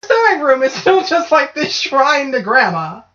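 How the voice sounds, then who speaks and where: A woman co-hosts a casual podcast chat, easygoing and jokey, with a habit of swearing and checking in with "right?". Her voice sits at an ordinary pitch. The recording is dull and lo-fi. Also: big pitch swings, a little slow, fairly bright tone. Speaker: podcast co-host.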